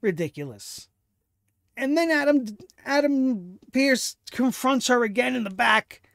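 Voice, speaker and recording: A man with a notably high voice delivers a solo wrestling review, sarcastic and exasperated, swearing as he rants. The sound is dry and close, with no room around it. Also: animated, unhurried, vocal fry, fairly bright tone, dry recording. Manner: sarcastic, exasperated ranting with profanity. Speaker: host of a wrestling review show.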